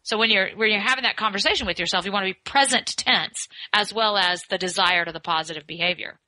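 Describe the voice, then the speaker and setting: A woman with a bright, forward voice recorded close and dry gives expert advice in an interview. She coaches in a measured way, stretching out the phrases she wants to land. The recording has no room sound around her. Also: medium pitch, no room sound, low-quality recording. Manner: coaching, slows down to stress key phrases. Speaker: communication skills expert guest. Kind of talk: podcast interview.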